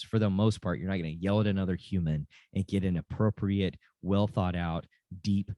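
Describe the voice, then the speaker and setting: Earnest deep-voiced dad talking parenting. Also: male voice, a little mellow, no room sound. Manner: earnest, repeats phrases, restarts sentences. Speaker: dad and football coach. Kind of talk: casual parenting talk.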